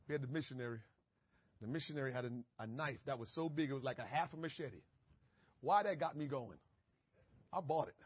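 A man preaching a conversational sermon, dropping to a hush and then rising to shouts, acting out little conversations and laughing at himself. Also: medium pitch, slightly rough, no echo, dull audio. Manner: conversational preaching with big swings from hushed to shouting. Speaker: pastor.

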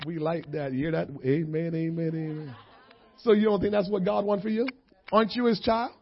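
A man preaching a sermon. He swings from hushed asides to impassioned shouting. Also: on the high side, steady tone, fairly quick. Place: church. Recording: dull lo-fi church recording.

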